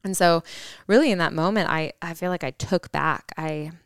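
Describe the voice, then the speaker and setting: Low, crisp-voiced woman telling a story. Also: moderate pace, no room sound, clean studio sound. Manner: earnest, reflective, with frequent fillers and restarts. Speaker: podcast co-host. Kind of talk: personal storytelling.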